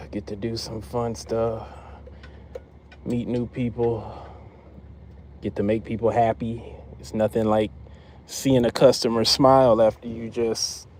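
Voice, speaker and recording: A man's voice: on the low side, dark tone, a little hiss or hum. A man chatting casually on a livestream while he works on a car as a part-time mobile mechanic, repeating himself for emphasis.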